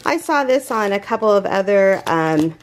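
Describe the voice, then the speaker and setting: A woman with a mid-range voice talks at a normal pace while unboxing items for her crochet channel. The vlog is casual, and she gushes excitedly, rambling with fillers and restarts.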